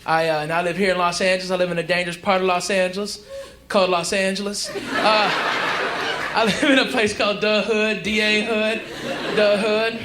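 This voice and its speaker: A man's voice: high-pitched, little pitch movement, brisk. Male comic, 40s, profane crowd-work style; roomy live club recording with audible noise. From Houston, Texas. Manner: brash, profane, conversational, keeps checking in with the crowd. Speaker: stand-up comedian. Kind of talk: stand-up comedy set. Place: comedy club stage before a live audience.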